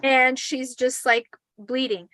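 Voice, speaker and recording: A woman in her forties telling a spooky personal story in a casual, animated way, swearing and acting out the quotes. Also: high voice, slow, no echo, poor audio.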